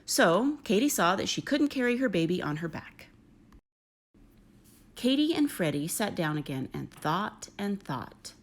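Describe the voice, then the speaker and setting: A middle-aged woman reading a children's picture book aloud, gentle and expressive. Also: medium pitch, measured pace. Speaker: storyteller.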